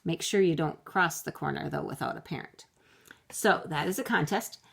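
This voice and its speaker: A woman teaching young children phonics from home, slowly sounding out words letter by letter for her camera. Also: deep voice, gravelly, fairly bright tone, husky. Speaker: kindergarten teacher. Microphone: computer camera mic.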